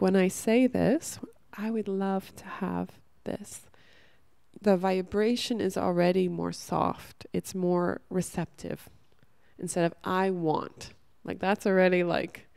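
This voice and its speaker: A woman's voice: on the low side, vocal fry, mellow, clean tone, no echo, clean studio sound. A young woman giving an earnest, casual motivational talk, swearing now and then. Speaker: host.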